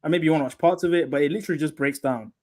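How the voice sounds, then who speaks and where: Brief man hosting a live online panel, quick-talking, keeps cutting in, slightly higher voice. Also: darkish tone. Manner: interrupts, repeats "hold on". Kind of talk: live debate panel chat.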